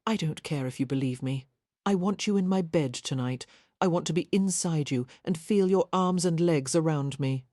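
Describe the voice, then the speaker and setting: An ardent Russian nobleman, low and insistent, as a woman narrator reads his lines. The voice is dark and close on a dry recording, earnest and intimate in a romance audiobook. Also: moderate pace, dry recording, close to an everyday voice. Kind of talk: audiobook character reading.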